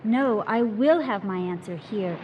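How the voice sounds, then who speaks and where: A woman's voice: medium pitch, measured pace, muffled recording, a crowd in the background, close to an everyday voice. A woman voicing an impassioned young man under a drug's spell, speaking in urgent, pleading declarations. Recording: steady background noise.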